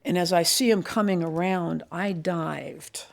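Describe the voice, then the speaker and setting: An older woman, a retired police commander, recounting her years on the force in a measured, reflective interview. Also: lowish voice, fairly even intonation, vocal fry. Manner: measured, reflective storytelling with pauses. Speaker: retired police assistant chief.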